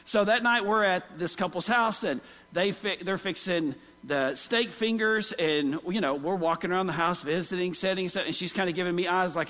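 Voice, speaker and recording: An Oklahoma pastor preaches in a church sanctuary, spinning folksy stories and throwing questions to the congregation. His voice is high for a man, pushed and bright at normal speed, with a long hall reverb.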